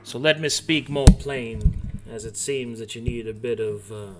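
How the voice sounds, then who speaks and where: A man voicing a mysterious, courteous stranger in black with a soft, smooth Southern drawl, calm and quietly menacing. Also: mid-range voice, a little slow, very noisy, natural voice. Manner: courteous but threatening.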